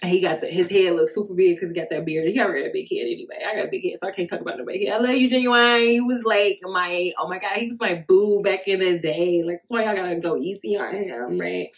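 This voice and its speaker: A woman's voice: lowish voice, quick pace, hardly any pauses. A woman in her thirties hosting a solo podcast, talking candidly and profanely in a casual monologue, often laughing as she tells stories. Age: 30s. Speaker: podcast host.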